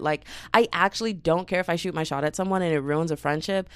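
A young woman vlogger telling a story in a casual, slangy, animated way, laughing and swearing often. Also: fairly low pitch, fairly quick, few pauses, clear, resonant tone, no room sound.

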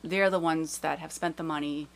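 A woman's voice: low-pitched, steady tone, moderate pace, creaky. A woman guest in a casual interview, a paranormal researcher who explains things in a friendly way with small hesitations.

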